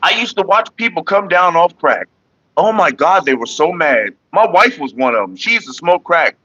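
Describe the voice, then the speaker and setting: A man with a husky, bright voice that swings widely in pitch as he rambles and jokes with his viewers. The sound is dull and lo-fi. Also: big pitch swings, normal speed. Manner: loose, joking, talks to viewers and chat by name. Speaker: vlogger hosting a smoking session. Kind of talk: casual rambling talk to viewers.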